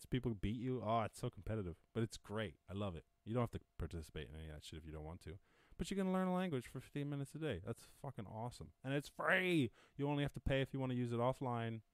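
A man's voice: mid-range voice, lively intonation, quick pace, no echo. Profane, rambling Irish man ranting. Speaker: podcast host. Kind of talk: casual live-stream rant. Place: home during lockdown.

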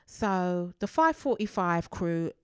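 A woman's voice: fairly low pitch, slow, smooth, dry recording, clean studio sound. Chatty woman telling a race story. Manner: animated storyteller, acts out quoted voices. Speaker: guest telling a marathon story. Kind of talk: casual chat.

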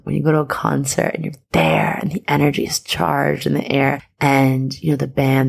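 Woman podcast host just chatting, low voice w lots of vocal fry, super loose and rambly. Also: darkish tone. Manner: chatty, loose, full of fillers. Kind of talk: casual spiritual podcast monologue.

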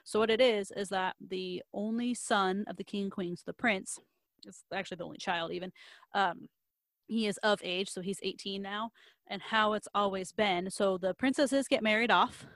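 A woman's voice: medium pitch, steady tone, moderate pace, a bit bright, no echo. A young woman casually retelling a novel's plot, rambling with lots of likes and ums and slipping into quoted voices.

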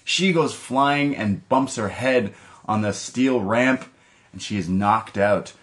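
A man's voice: lowish voice, slow pace, a bit bright. A man co-hosting a podcast, recapping a wrestling show in loose, rambling casual chat with many restarts. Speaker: podcast co-host.

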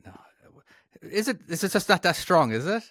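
A man's voice: high voice, very animated, moderate pace, a bit bright, no echo, clean studio sound. An Irish man co-hosting a podcast, chatting casually and self-deprecatingly with frequent restarts. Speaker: podcast co-host. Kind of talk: casual chat.

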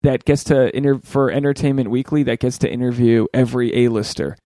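Male podcast host, mid-pitch, animated storyteller who swears, dry close mic. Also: a little fast, no room sound. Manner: animated storyteller, swears freely, acts out quotes. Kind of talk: casual podcast chat.

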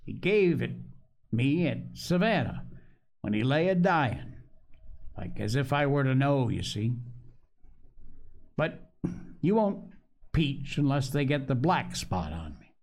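A man's voice: mid-range voice, big pitch swings, slow pace, pauses often, darkish tone. A man voicing an ailing old male sea captain who craves rum, speaking in a coarse sailor's dialect with pleading and cursing. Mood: urgent.

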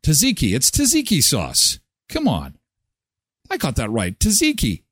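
A man's voice: medium pitch, huge pitch swings, unhurried, fairly bright tone, slightly rough, no room sound, clean studio sound. A man hosting a morning show, chatting casually and rambling with self-mocking asides. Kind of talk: casual live radio chat.

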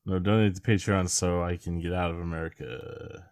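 Deep-voiced sarcastic young man. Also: fairly even intonation, normal speed, a little mellow, clear, resonant tone, no echo. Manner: dry, joking, sarcastic. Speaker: podcast co-host. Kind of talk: casual chat.

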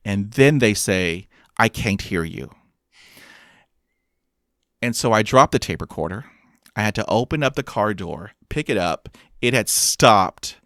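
Here a man with a master's degree, an adult who stutters with blocks and sound repetitions, pokes fun at himself in a personal story and voices the quoted lines. His voice is lowish and a bit bright. The recording is dry and studio quality.

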